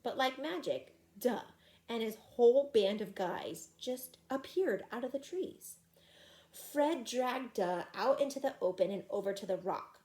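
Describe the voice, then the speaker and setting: A woman reading a children's chapter book aloud in an expressive, animated way. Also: on the high side, measured pace. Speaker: reader.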